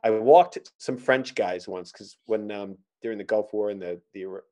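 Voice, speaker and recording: A man's voice: on the low side, moderate pace, dark tone. A middle-aged man hosting a podcast and telling stand-up stories in a rambling, joking way. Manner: rambling, joking, many fillers. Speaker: podcast host and stand-up comic. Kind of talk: casual chat and storytelling.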